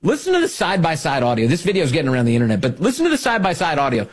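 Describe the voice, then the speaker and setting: A man's voice: a little high, huge pitch swings, racing, slightly rough. A man hosting a political talk radio show, sarcastic and mocking, laughing as he talks.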